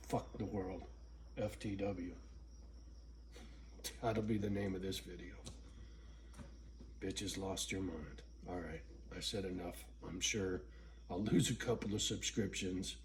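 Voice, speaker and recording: A man talks straight to his viewers in a blunt, profane, rambling vlog rant. His voice sits on the low side, and a faint wash of crickets and hiss hangs behind him. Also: fairly even intonation, unhurried, pauses often. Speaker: vlogger. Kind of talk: casual rant to camera. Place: at home alone.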